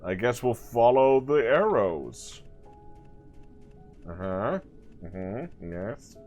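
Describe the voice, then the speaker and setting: Playful gaming host with lively pitch. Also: male voice, drawn-out words, soft background music. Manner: playful, sarcastic, jokey asides. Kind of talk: let's play commentary.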